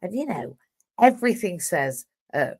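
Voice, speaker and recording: A woman hosting an interview, telling stories in a lively way and acting out quoted lines. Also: lowish voice, normal speed. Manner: lively storytelling with quoted voices and laughs. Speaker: host. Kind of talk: casual conversational interview.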